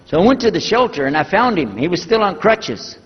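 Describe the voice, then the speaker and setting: A man's voice: high voice, a little fast, slightly rough. An older man with a Texan accent, a preacher telling a story to an audience and acting out both sides of the conversations. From United States. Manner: animated storyteller acting out dialogue. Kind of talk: storytelling talk. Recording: echoey hall, dull lo-fi sound.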